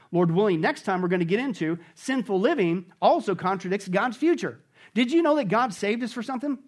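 A male pastor preaching a sermon emphatically, often checking in with the congregation and swinging between loud exclamations and quiet, intense stretches. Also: sits high. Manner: repeats "okay?" and "contextually". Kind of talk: expository sermon.

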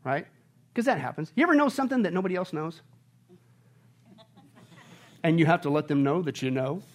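Male pastor, high and very expressive voice, energetic sermon delivery. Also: brisk. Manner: animated preaching, shouting and laughing at peaks; asks the congregation questions.

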